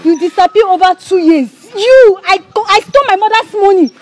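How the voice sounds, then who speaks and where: A woman's voice: very high-pitched, fairly quick, soft background music. A woman playing a distraught young woman in a scripted skit, hurling tearful accusations. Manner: frantic, tearful accusations, shouting.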